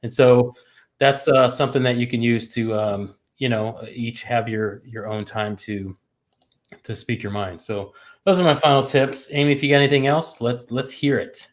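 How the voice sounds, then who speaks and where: A man co-hosting a casual livestream with his wife, playful and quick to laugh, with casual swearing. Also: mid-range voice, steady tone. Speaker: co-host. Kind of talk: casual couple's livestream talk.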